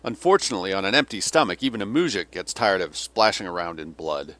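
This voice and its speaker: A man's voice: sits low, lively intonation, fast talker, fairly bright tone. A man reading as a cynical old Russian general. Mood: sardonic. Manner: sardonic, bitter tirades. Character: weary cynical older male Russian general.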